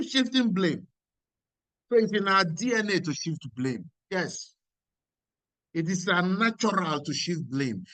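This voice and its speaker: A man's voice: a little high, a bit bright, no room sound. Emphatic man lecturing. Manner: emphatic, repeats key lines. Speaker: speaker. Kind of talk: motivational lecture.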